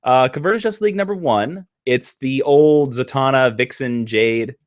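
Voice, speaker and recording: A man's voice: mid-range voice, moderate pace. A man hosting a casual live stream chat, talking with enthusiasm. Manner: enthusiastic, animated.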